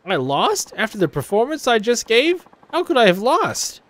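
A man's voice: high voice, big pitch swings, fairly quick, no echo, pitched above the performer's own voice. A man voicing a snooty, boastful young female idol rival while reading video game dialogue aloud. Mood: indignant. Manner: haughty, boastful, whiny.

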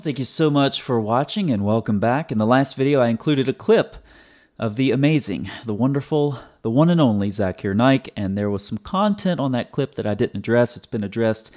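A mid-pitched man hosts his own video and explains the point step by step for his viewers. He sounds sarcastic, often repeating words as he restarts a sentence. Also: animated, normal speed, darkish tone. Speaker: host. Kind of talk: teaching commentary.

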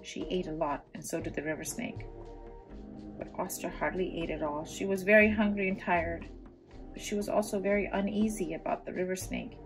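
Gravelly woman reading a children's story aloud. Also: on the low side, fairly even intonation, normal speed, music in the background. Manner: gentle, with asides to young listeners. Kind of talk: children's read-aloud narration.

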